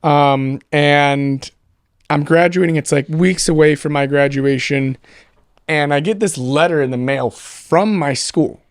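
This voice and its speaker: A man's voice: fairly high pitch, measured pace, clean tone, no echo, clean studio sound. Young man telling a rambling, profane story. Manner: rambling storyteller, swears freely, many fillers. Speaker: podcast guest. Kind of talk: casual podcast chat.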